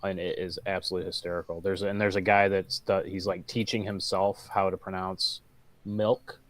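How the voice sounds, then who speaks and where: Deep-voiced man with a Michigan accent. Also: flat delivery, moderate pace. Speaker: guest. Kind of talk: casual chat while gaming.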